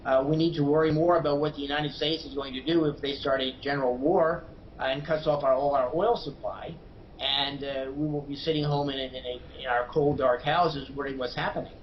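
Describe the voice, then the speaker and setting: A man as a guest commentator on a news program, giving strong political opinions with many hesitant pauses and fillers. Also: medium pitch, fairly even intonation. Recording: dull lo-fi broadcast audio with faint noise.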